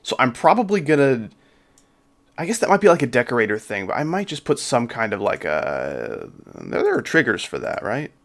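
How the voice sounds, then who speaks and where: A man's voice: mid-range voice, wildly swooping pitch, moderate pace, vocal fry, fairly bright tone. A man with a slight Southern accent, chatting casually and jokingly with his livestream chat while he builds a game level. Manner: laid-back, joking, reads and answers chat. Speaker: game streamer.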